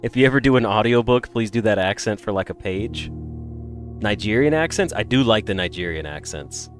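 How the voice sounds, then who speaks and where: A man with an American accent, a little congested, chatting casually with viewers in a rambling, animated way. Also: lowish voice, brisk, soft background music. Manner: animated, rambling, swings between loud bursts and mutters. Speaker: streamer.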